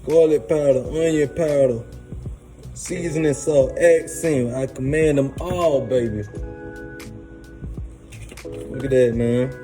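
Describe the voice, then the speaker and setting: A man's voice: medium pitch, steady tone, slow pace, pauses often, mellow, rough recording. A man hosting a casual cooking demo, hyped and slangy, talking straight to his viewers from a kitchen. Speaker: cooking show host. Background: music playing.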